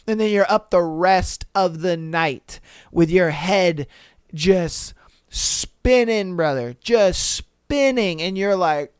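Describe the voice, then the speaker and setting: A man's voice: high voice, big pitch swings, takes it slowly, a bit bright, clean tone, no echo, studio quality. A young man hosting a podcast, reacting to listener stories in a loose, slangy way, swearing and laughing often. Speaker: podcast host. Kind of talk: casual podcast commentary reading listener stories.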